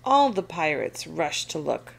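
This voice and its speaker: A woman reads a picture book aloud to children, expressive and animated. Her voice sits low with a touch of vocal fry. She takes her time and swings her pitch widely. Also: unhurried. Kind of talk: storybook read-aloud.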